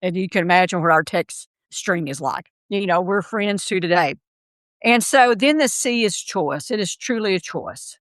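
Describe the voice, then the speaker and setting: A woman's voice: on the low side, moderate pace, no room sound. A middle-aged woman, a podcast guest, telling her story in an interview and acting out the voices of the people in it. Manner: animated storyteller, acts out quoted voices.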